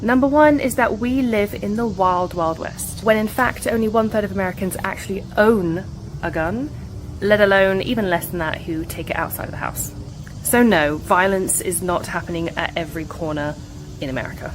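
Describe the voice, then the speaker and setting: A woman's voice: mid-range voice, normal speed, slight background noise, rough recording. A woman from Britain talking to camera in a casual vlog, confidently listing her points one by one. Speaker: vlogger.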